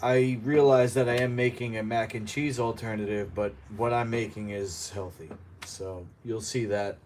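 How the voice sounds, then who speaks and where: A man's voice: lowish voice, steady tone, normal speed, a little mellow, slight background noise. A man hosting a home news show, reading articles aloud and breaking off into sarcastic asides while he cooks in his apartment. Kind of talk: casual news commentary while cooking. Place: apartment kitchen.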